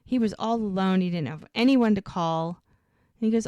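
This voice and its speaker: A woman's voice: mid-range voice, expressive, moderate pace, vocal fry, darkish tone, no room sound. A woman co-hosting a podcast, casually retelling scenes and acting out the dialogue. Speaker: podcast co-host recapping episodes. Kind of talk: casual chat.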